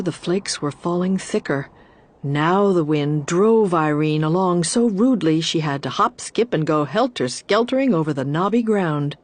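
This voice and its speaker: A woman reading a children's storybook aloud in an expressive, deliberate way. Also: fairly low pitch. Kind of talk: storybook narration.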